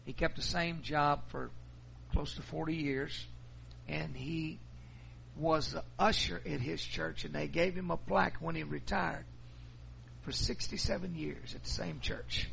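A man's voice: on the high side, fairly even intonation, a little slow, gravelly, fairly bright tone, highs cut off, a little hiss or hum. A middle-aged man, a pastor telling folksy stories in a sermon. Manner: folksy storytelling.

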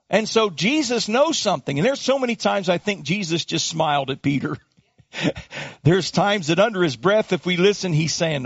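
A man's voice: high voice, expressive, normal speed, husky, dry recording, highs cut off. A male pastor preaching a sermon, dramatic, acting out voices and calling for congregation responses.

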